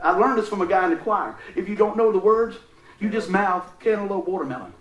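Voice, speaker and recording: A man's voice: sits high, fairly even intonation, fairly quick, fairly bright tone, reverberant, recorded from a distance, muffled recording. A man preaching a casual, folksy sermon, telling stories and laughing often.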